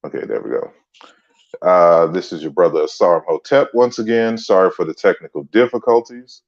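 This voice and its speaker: A man hosting a relaxed livestream lecture, greeting viewers by name as he talks. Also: deep voice, normal speed, lo-fi sound. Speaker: livestream host and author. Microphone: computer mic on a stand.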